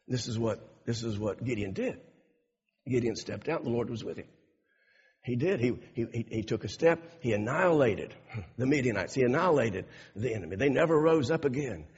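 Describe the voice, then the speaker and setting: A man's voice: medium pitch, a little mellow, husky. A man preaching a sermon with emphatic, repetitive delivery. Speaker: pastor. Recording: dull, echoey hall recording.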